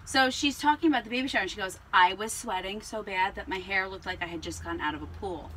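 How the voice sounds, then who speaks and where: A woman's voice: medium pitch, fast talker, pushed and bright, slight background noise, low-quality recording. A woman co-hosting a casual chat show, telling stories animatedly, acting out the voices she quotes and laughing often. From New Jersey. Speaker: podcast co-host.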